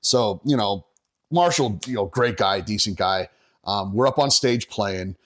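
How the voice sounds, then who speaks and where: Speaking at a measured pace, a middle-aged man from Northeastern Pennsylvania tells a rowdy story as a guest on a podcast. The bassist swears freely, keeps it casual, and frequently bursts out laughing.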